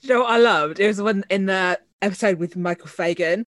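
A woman from England co-hosting a casual chat podcast, chiming in with quick reactions. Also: mid-range voice, no echo. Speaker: podcast co-host.

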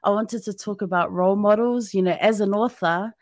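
A woman's voice: mid-range voice, a little fast, no room sound, studio quality. A woman hosting a podcast, chatting casually and enthusiastically with a guest. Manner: warm, enthusiastic, frequent affirming "mm". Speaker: podcast host. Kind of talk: casual interview chat.

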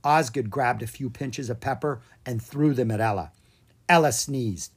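A narrator reading a children's storybook aloud in an expressive, playful way. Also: mid-range voice, normal speed, breathy edge.

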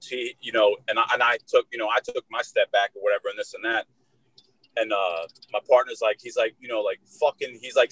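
A young man co-hosting a casual podcast, telling a long story full of swearing and filler words, and loudly acting out the shouted lines of the people in it. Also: lowish voice, steady tone, fast, dry recording, poor audio. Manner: profane, rambling, with heavy fillers; acts out shouted quotes in a raised voice. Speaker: podcast co-host.

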